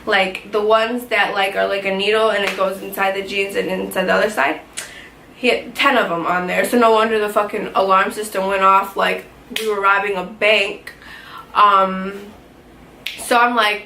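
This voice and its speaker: A young woman telling a story in a casual vlog, animated, swearing often and filling with "like". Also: medium pitch, moderate pace. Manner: animated, heavy swearing, lots of "like". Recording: echoey room with faint ambient noise.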